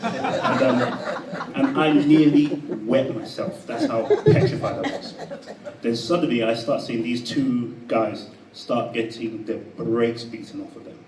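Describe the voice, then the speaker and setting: A man telling a personal story to a live audience in a chatty, animated way, often laughing. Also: mid-range voice, measured pace, echoey room, recorded from a distance, background noise. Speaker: speaker at a live talk. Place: event room with an audience.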